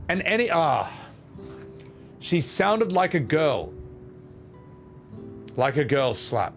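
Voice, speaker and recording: An Australian man streaming a game, swearing freely and mocking his own efforts. His voice runs slightly high, with faint game music under it. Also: sing-song, drawn-out words, long pauses. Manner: self-mocking, profane. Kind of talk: let's play commentary.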